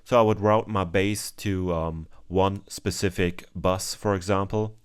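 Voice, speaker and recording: A man with a very low, smooth and clear voice walks through a mixing session at an even, unhurried pace. He explains each step plainly and fills his pauses with ums, the way a tutorial is talked through over a screen recording. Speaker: music producer teaching mixing.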